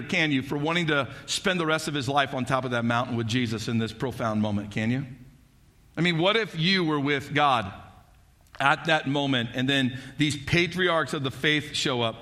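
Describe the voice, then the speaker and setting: High, bright-voiced male pastor preaching. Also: normal speed. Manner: animated storytelling with frequent "like" and "right?". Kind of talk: sermon.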